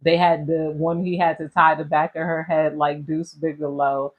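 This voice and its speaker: A woman's voice: deep voice, flat delivery, normal speed, narrow, tinny audio. A woman giving a casual tarot reading, rambling and slangy and laughing often as she talks. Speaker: tarot reader.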